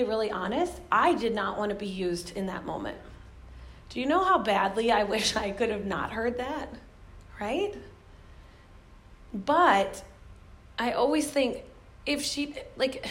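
A middle-aged woman speaking to ministry volunteers, telling candid stories with frequent laughs. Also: fairly high pitch. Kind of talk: motivational talk to volunteers.

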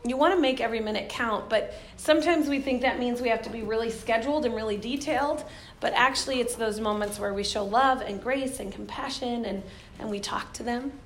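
A woman's voice: a little high, a little fast, slight background noise. A middle-aged woman speaking to ministry volunteers, telling candid stories with frequent laughs. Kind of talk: motivational talk to volunteers.

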